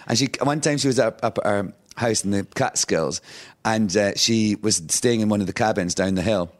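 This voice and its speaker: A man's voice: lowish voice, moderate pace. A Scottish man in his fifties, a talk show guest chatting casually and acting out the voices in his stories with frequent laughter. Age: 50s. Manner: lively storyteller who acts out quotes, laughing often. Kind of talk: casual anecdotal chat.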